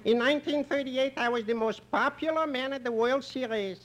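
A man's voice: extremely high pitch, a little fast, a bit bright. An actor playing a chatty, boastful older immigrant man with a thick comic accent, in 1950s radio comedy acting. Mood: jolly. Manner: sing-song, jokey storyteller. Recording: noisy old radio broadcast with studio audience.

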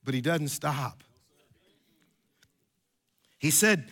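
A man's voice: on the high side, expressive, moderate pace, fairly bright tone. A pastor in his fifties giving a sermon in a chatty, joking storytelling way with many restarts.

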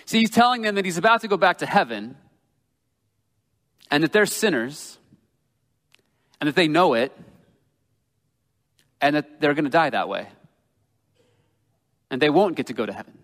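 A man preaching a sermon earnestly and emphatically, slowing down when he quotes scripture. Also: on the high side, very animated, fairly bright tone. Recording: long reverb of a large hall.

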